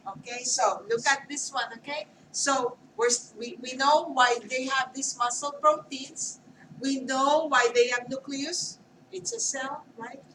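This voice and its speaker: A woman teaching an anatomy class, her voice pitched high and often rising into "okay?" checks as she quizzes students. She sounds set back from the microphone in an echoey classroom. A faint hum of the room sits under her. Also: steady tone, a little slow, fairly bright tone. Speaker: anatomy lecturer. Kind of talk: classroom lecture. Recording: roomy classroom mic from far off.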